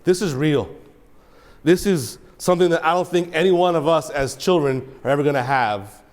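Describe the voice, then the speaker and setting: A man, a judge, speaking to students in a courtroom with an emotional storytelling manner, at times quiet and choked up, at times loud and excited. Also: a little high, normal speed.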